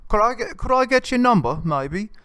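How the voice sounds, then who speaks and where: A man putting on a high-pitched mock British flirt. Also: sing-song, moderate pace, a bit bright, clean tone, dry recording, studio quality. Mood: pleading.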